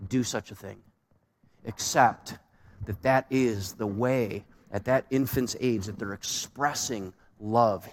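A man's voice: medium pitch, slight background noise. A man preaching a sermon as pastor, asking the congregation rhetorical questions with shifting emphasis. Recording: long hall reverb.

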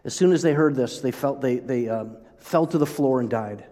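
A man preaching a sermon as pastor, conversational and animated, often breaking off and restarting his sentences. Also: medium pitch, normal speed, long reverb tail. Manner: conversational, animated, self-interrupting.

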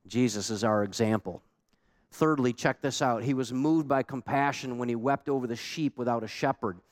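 A man's voice: mid-range voice, moderate pace. A man preaching a sermon as pastor, emphatic and conversational, with many rhetorical questions to the congregation.

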